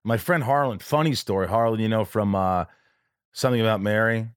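A man's voice: on the low side, clear, resonant tone, no echo, clean studio sound. A man hosting a podcast, telling a long emotional story in a rambling, casual way. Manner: emotional, rambling, does quick voices of friends. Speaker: podcast host. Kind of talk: casual chat.

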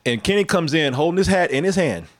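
A man's voice: a little high, fast. A middle-aged man casually telling a profane family story, laughing as he talks. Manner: animated, profane, laughs through his story. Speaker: storyteller guest.

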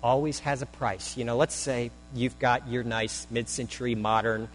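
A man's voice: medium pitch, level tone, moderate pace, soft background music, poor audio. A man preaching a conversational sermon as a pastor, with dry self-deprecating humor. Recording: faint mains hum.

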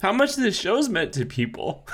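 A man co-hosting a podcast, crying as he speaks haltingly, full of fillers and teary laughs. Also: high voice, wildly swooping pitch, fairly bright tone. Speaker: podcast co-host. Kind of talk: emotional podcast farewell.

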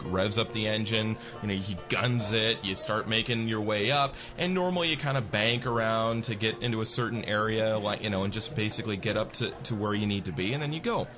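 A man's voice: on the low side, brisk, hardly any pauses, music in the background. A man telling a comic story in a casual, rambling way, full of "you know" and "like".

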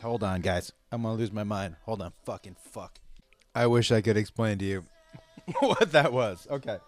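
A man telling a rambling, profane story to his listeners in a casual way, with sudden loud outbursts. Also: lowish voice, moderate pace.

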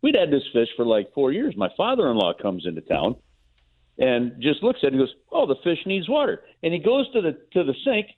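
A man's voice: mid-range voice, wildly swooping pitch, fairly quick. A man, a guest sports broadcaster, chatting casually on the radio by phone and telling a rambling story with lots of restarts. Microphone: phone call. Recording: tinny phone line.

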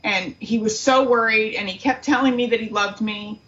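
A middle-aged woman, a guest on a talk show, telling a painful story in an earnest, halting way. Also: a little high, steady tone, fairly bright tone, dull audio. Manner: earnest, grief-stricken, halting. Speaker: guest, aunt of the subject. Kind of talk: emotional interview storytelling.

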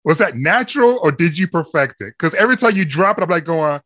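A man's voice: a little high, lively intonation, fast talker, hardly any pauses, a bit bright, dry recording. A man hosting an interview, asking questions in a playful, laughing conversational way. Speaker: podcast host.

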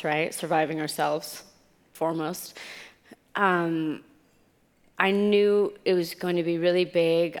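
A woman's voice: low voice, in a large hall. A woman guest on stage, born in Italy, telling candid stories with self-mocking asides. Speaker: interview guest, author. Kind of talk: on-stage conversation.

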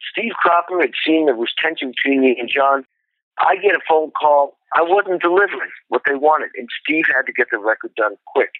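A man's voice: fairly high pitch, moderate pace, no echo. Man telling a story over a tinny line. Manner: animated, profane, acts out quotes. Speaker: drummer telling his story. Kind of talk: storytelling interview.

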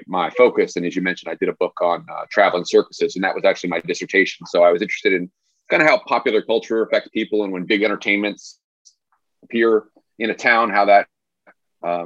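A man from the US East Coast with a general American accent, a historian speaking as a guest in a measured way. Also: sits low, no room sound. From Queens and northern New Jersey. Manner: measured, frequent uh fillers. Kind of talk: casual interview chat. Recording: dull lo-fi remote audio.

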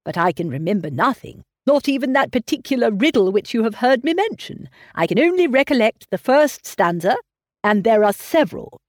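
A woman voicing a fretful elderly gentleman who fusses and sighs over his family, read from a classic novel. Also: a little high, big pitch swings, normal speed, no echo, clean studio sound. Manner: plaintive, sighing, fussing over family. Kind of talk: audiobook reading of a classic novel.

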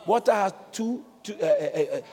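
A man preaching a sermon in a church, explaining and exclaiming with animated emphasis. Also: sits high, normal speed, in a large hall. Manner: animated preaching, bursts into shouts when quoting. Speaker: pastor.

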